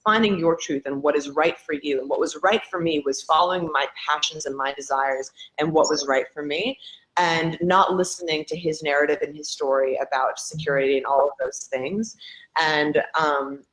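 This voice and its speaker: A woman's voice: low voice, steady tone, moderate pace, fairly bright tone, low-quality recording. Earnest woman in her thirties on a panel. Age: 30s. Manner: reflective, earnest, builds points with repetition. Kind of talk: casual panel discussion.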